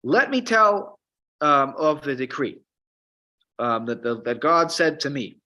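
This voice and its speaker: A man teaching a Psalms class, explaining Hebrew words in an animated way with frequent restarts. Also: fairly high pitch, takes it slowly. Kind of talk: Torah class lecture.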